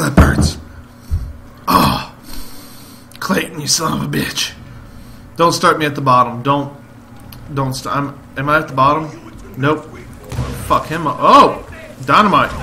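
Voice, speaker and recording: A man commentating a let's play while taking shots, shouting profane, excitable outbursts at the game. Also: on the high side, slight background noise. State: drinking shots during play. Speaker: gamer playing a shooter.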